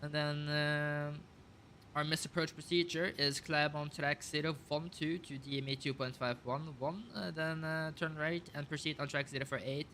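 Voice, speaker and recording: A man with a bright, forceful voice talks through a simulated flight, reading out checklist steps and figures as he goes. He thinks aloud, with a steady stream of ums and uhs and quick self-corrections. A faint hiss sits under his voice. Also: fairly high pitch. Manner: thinks aloud, calls out checklist items with many fillers. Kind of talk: casual flight sim commentary.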